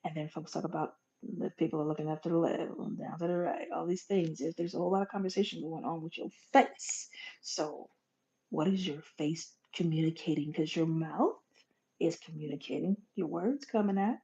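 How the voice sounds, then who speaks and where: A lowish, mellow-voiced woman talks to her listeners in a folksy, animated monologue, dropping to near whispers and then bursting louder. The recording sounds dull and lo-fi. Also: moderate pace. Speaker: podcast host. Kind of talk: motivational monologue.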